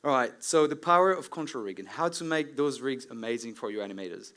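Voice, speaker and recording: A man's voice: medium pitch, animated, fast, fairly bright tone. French-accented man giving a tech talk. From France. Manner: friendly, lots of "right?" and "um" asides. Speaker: conference speaker. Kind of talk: technical conference talk. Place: conference stage before an audience.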